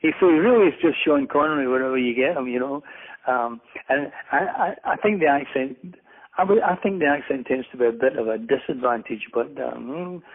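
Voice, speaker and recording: A man's voice: mid-range voice, a little fast. A middle-aged Scottish man, a guest author, chatting in a rambling, self-deprecating way with many restarts. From Scotland. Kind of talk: casual interview chat. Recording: phone-like narrow audio.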